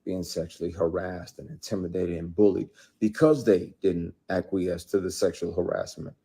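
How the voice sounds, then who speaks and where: A man telling a personal story, emphatic, swinging between quiet intensity and loud outbursts. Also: low-pitched, steady tone, normal speed, slightly rough. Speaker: actor telling his story. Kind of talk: heated personal account, clip.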